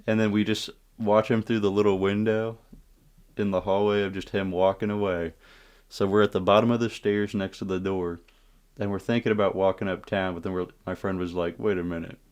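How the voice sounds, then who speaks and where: A man with a very low voice tells a story time tale in a loose, casual way. He swears freely, acts out the moments with energy and breaks off to speak to his viewers. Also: fairly quick. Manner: profane, animated retelling with asides to viewers.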